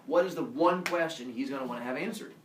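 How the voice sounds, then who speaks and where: A man's voice: mid-range voice, fast, slight background noise, natural voice. A man voicing a petulant, blustering king of the gods who barks demands, recorded from a distance in an echoey classroom. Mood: bossy. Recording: echoey classroom, far from the mic.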